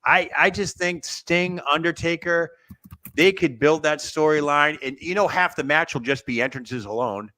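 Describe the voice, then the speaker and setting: A man's voice: on the high side, normal speed, pushed and bright. A man co-hosting a wrestling talk show in casual panel chat, rambling, thinking aloud and laughing often.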